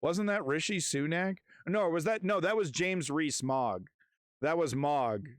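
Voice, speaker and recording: A man's voice: on the high side, expressive, a little slow, no echo. A man hosting a livestream, reacting in casual, rambling, profane commentary from his garage. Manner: rambling, swearing, restarts, laughing along. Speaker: livestream host.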